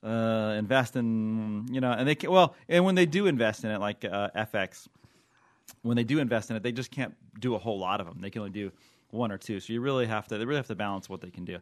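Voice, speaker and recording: A man co-hosting a podcast in casual chat, joking and halting, with many fillers and restarts. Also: lowish voice. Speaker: podcast co-host.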